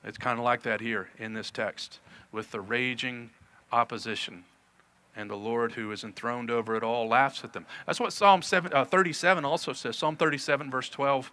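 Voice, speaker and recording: Male pastor, bright voice, earnest sermon delivery with emphatic scripture reading. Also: medium pitch, normal speed. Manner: earnest preaching, reads scripture aloud with emphasis.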